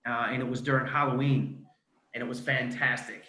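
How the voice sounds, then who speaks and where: A man's voice: mid-range voice, fairly even intonation, a little fast, sharp tone, roomy sound, poor audio. A man hosting a casual live video call, friendly and chatty, with many ums. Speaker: host.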